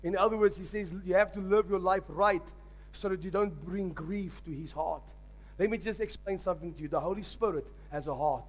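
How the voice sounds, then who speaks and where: A man's voice: sits high, a little fast. A man, a pastor, preaching a sermon emphatically and calling on the congregation to respond.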